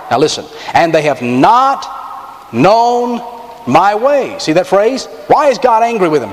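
A man preaching a sermon as pastor, animated and emphatic, with wry asides to the congregation. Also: fairly high pitch. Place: church sanctuary. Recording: long reverb of a large sanctuary.

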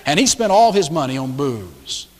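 A man's voice: a little high, big pitch swings, moderate pace. A preacher voicing a small earnest girl. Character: small girl defending her reformed father. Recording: echoey large hall.

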